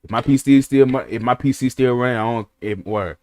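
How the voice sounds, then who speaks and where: A man's voice: mid-range voice, a little fast, darkish tone, dry recording. A young man, reacting to a video in casual, slangy, rambling commentary to his chat. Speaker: streamer reacting to a story video. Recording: music playing behind.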